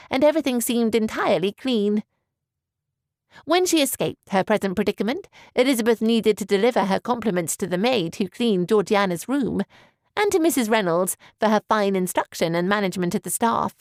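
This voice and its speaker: This is scripted audiobook narration by a woman with a medium-pitched voice, delivered in a steady, measured storytelling style. The studio sound is clean, without any echo.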